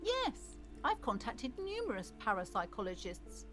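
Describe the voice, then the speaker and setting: A woman's voice: on the high side, huge pitch swings, unhurried, over music. An actress voicing an eccentric, superstitious woman who runs a shop in a video game, earnest and a little dotty. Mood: eager.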